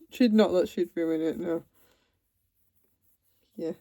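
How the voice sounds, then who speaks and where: Woman, slow unhurried talk, warm dark tone, chatty asides, casual home vlog. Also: on the low side, gravelly, dry recording. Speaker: cross-stitch vlogger. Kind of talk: casual chat while unboxing. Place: home, seated in a computer chair.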